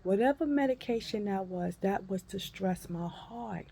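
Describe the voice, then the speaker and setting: A woman in her fifties telling a personal story in a folksy, animated way and calling listeners honey and baby. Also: mid-range voice, normal speed, gravelly, breathy edge. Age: 50s. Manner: animated, acts out her own cries and shrieks. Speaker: vlogger.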